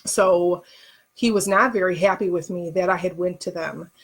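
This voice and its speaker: A woman's voice: fairly low pitch, fairly even intonation, moderate pace, slightly rough. A middle-aged woman vlogger telling a personal story in a candid, conversational way, with plenty of emotion.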